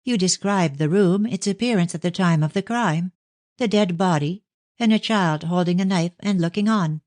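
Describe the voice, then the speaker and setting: A woman's voice: lowish voice, moderate pace, darkish tone, voice pushed up, natural voice. A woman playing an anxious young woman. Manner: urgent, pleading questions.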